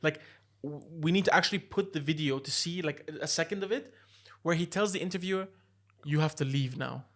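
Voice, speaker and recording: A man with a fairly high voice tells stories in easy, slangy podcast chat. He drops "bro" and "like" into every sentence and keeps the story rolling. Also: quick pace, few pauses, a bit bright. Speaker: podcast co-host. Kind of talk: casual chat.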